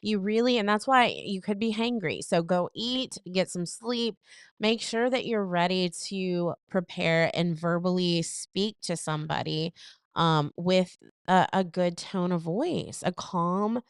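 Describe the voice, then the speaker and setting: A woman with a lowish, smooth, clear voice chats on a relationship podcast. She talks loosely with lots of fillers and acts out quoted lines with bursts of emphasis. The sound is close and dry. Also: unhurried, no echo. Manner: chatty, filler-heavy, animated retellings. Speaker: podcast co-host. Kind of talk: casual advice chat.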